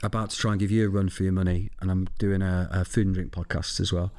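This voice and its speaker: Podcast guest: a man with a lowish voice, jokey and blunt, swearing freely and punching up his punchlines. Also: little pitch movement, fast talker, darkish tone. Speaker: podcast guest, food presenter. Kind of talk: casual chat.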